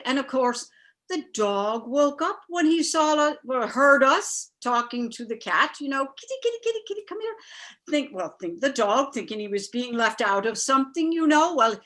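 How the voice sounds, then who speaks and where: Bright high-voiced Irish woman storyteller. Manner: lively, folksy, with playful character voices. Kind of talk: live storytelling performance. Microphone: video call.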